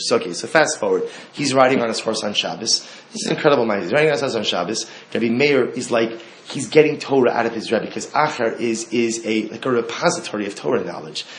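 Emphatic storytelling rabbi. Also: male voice, mid-range voice, a little hiss or hum. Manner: emphatic, repeats phrases, frequent restarts. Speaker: rabbi teaching Talmud. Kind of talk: animated storytelling sermon.

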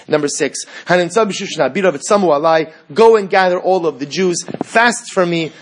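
Husky-voiced man teaching a Torah class. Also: on the high side. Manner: animated, quotes Hebrew texts and translates them.

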